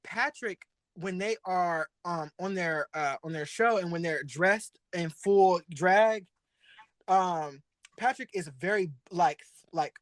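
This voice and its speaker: A man co-hosting a drag and pop culture show, chatting in a sassy, animated way and laughing often. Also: high voice, slow, no echo. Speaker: podcast co-host. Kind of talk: casual chat.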